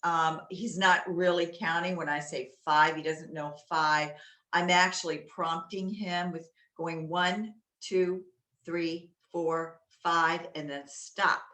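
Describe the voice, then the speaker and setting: A woman with a lowish, forceful, bright voice chats loudly through a how-to about dog games at home. She sprinkles her talk with ums, and the echoey room rings around her. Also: fairly even intonation, takes it slowly. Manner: loud, chatty, with many fillers. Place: inside a home.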